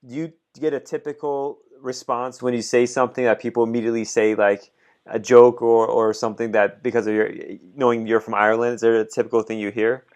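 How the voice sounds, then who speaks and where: A man hosting a podcast interview, asking loose rambling questions in a relaxed way and laughing often. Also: medium pitch, a little fast. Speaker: host, immigration lawyer. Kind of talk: casual interview chat.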